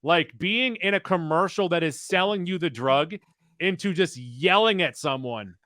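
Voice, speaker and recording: A man co-hosting a casual podcast chat, reading out rankings in a steady, list-like way. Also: high voice, moderate pace, dry recording, clean studio sound. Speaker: podcast co-host.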